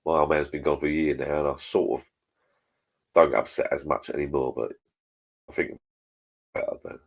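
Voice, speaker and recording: A man's voice: extremely low pitch, steady tone, a little fast, vocal fry, slightly rough. A middle-aged man hosting a live stream, chatting bluntly with plenty of swearing and reading out viewer comments. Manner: blunt, sweary, rambling pub talk.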